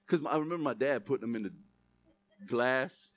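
A young man preaching a sermon as pastor, swinging between loud, emphatic preaching and self-mocking jokes. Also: mid-range voice, animated, a little fast, dry recording.

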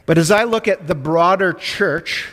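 Midwest chicago guy preaching, chatty, jokes w the crowd, slightly high voice, long church echo. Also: measured pace, fairly bright tone. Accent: Midwestern American, Chicago area. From United States. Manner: conversational, jokes with the congregation. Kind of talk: sermon. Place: church sanctuary.

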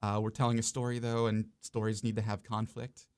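A man's voice: lowish voice, level tone, fairly quick, darkish tone, clear, resonant tone. A man guesting on a radio show as a dungeon master, easygoing and explaining with lots of fillers. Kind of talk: casual radio interview. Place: radio studio.

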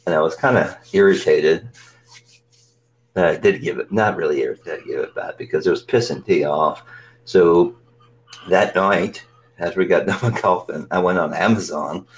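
A man's voice: deep voice, normal speed, rough recording. A man co-hosting a casual podcast, telling stories in a joking, teasing way and laughing often. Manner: joking, teasing storyteller who laughs a lot. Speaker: podcast co-host. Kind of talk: casual chat.

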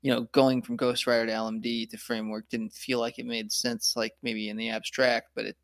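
A man's voice: mid-range voice, little pitch movement, a little fast, dry recording. A man co-hosting a podcast, chatting casually and enthusiastically, thinking aloud with restarts and "like". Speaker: podcast co-host. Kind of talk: casual chat.

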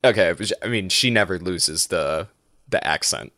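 A man's voice: deep voice, normal speed, pushed and bright, dry recording, studio quality. A man chatting casually as a podcast host, rambling with lots of restarts and laughs. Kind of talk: casual chat.

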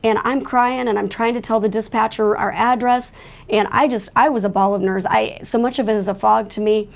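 Gravelly-voiced woman telling a true story. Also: fairly high pitch, fairly even intonation, fairly quick. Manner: earnest, emotional retelling of a frightening night; speaks with religious faith. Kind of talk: personal testimony storytelling.

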